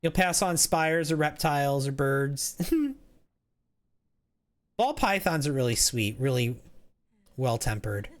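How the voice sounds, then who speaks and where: A man's voice: medium pitch, expressive, slow pace, long pauses. A man streaming a game, chatting casually in a rambling way, reading chat aloud and often restarting his sentences.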